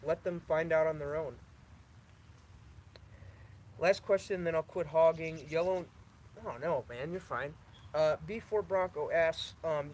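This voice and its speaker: A man's voice: a little high, fairly even intonation, a little slow, long pauses, darkish tone, a little hiss or hum, rough recording. A young man hosting a live stream, reading viewer questions aloud and answering them in a casual, repetitive way that stutters now and then. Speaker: lawn care channel host.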